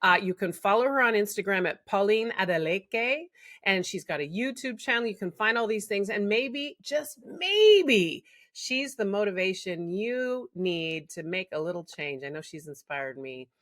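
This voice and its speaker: A woman's voice: medium pitch, lively intonation, moderate pace, fairly bright tone. A woman hosting a podcast, interviewing a guest in a playful, affectionate way and closing out the episode. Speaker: podcast host. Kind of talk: interview conversation.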